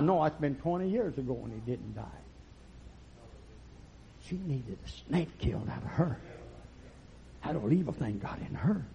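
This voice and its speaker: A man preaching a fiery, folksy sermon that swings from low murmurs to loud shouts. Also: creaky. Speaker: pastor. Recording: lo-fi recording.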